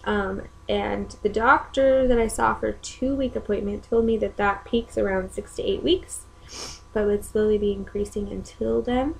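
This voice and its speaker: A woman's voice: mid-range voice, fairly even intonation, normal speed, gravelly, darkish tone, slight background noise, low-quality recording. A young woman and mother, chatting casually at home in a rambling way with many ums. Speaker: mother and vlogger. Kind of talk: casual chat.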